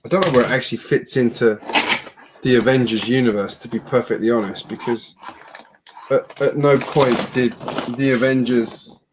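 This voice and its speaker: A man's voice: medium pitch, fairly even intonation, moderate pace, background noise. A man hosting a casual live stream from home, chatting in a rambling way with self-deprecating asides, picked up by a computer mic. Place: home build room at a computer.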